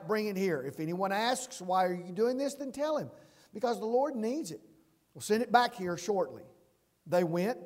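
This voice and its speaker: A man's voice: sits high, darkish tone. A man preaching a sermon, earnest and emphatic, often restarting his words. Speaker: pastor. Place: church sanctuary. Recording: long church reverb.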